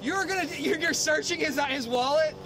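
A woman arguing and shouting defiantly at officers outdoors, recorded on an officer's body camera. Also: sits high, normal speed, far from the mic. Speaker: bystander resident. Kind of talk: confrontation filmed on bodycam. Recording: loud noisy bodycam audio.

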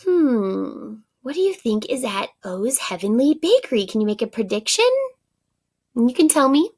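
A woman's voice: on the high side, sing-song, moderate pace, breathy edge. A woman teacher reading a children's book aloud for students, encouraging them and asking them questions. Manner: encouraging, asks questions to young listeners.

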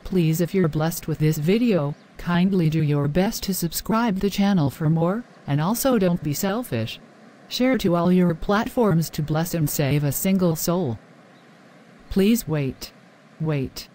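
A woman closing a Christian animation with an earnest moral appeal to viewers. She exhorts in a sincere, preacherly way, her voice sitting a bit low for a woman. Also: measured pace, mellow, slight background noise. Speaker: Christian channel narrator.

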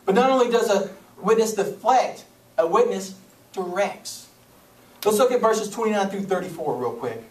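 A man's voice: animated, moderate pace. Preaching man in an echoey church. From Kentucky. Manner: dramatic, swinging from soft and low to loud. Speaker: pastor. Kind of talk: sermon. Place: church sanctuary. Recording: echoey church room, distant mic, faint noise.

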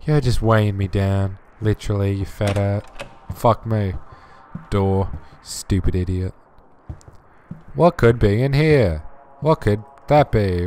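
A man's voice: fairly low pitch, slight background noise. A man hosting a horror game playthrough, joking and swearing as he talks to objects in the game. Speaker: let's play host.

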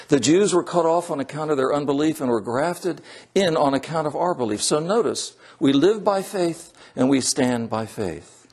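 Husky-voiced priest preaching emphatically. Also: male voice, fairly high pitch, expressive, a little mellow. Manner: emphatic, repeats key phrases, slows to stress points. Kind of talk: sermon. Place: church.

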